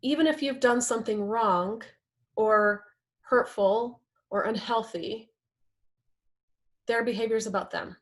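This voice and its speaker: A woman's voice: on the high side, a little slow, pauses often. A woman teaching a talk on communication in relationships, earnest, often acting out quoted partners. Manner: earnest, acts out quoted partners in lively voices. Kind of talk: presentation talk with slides.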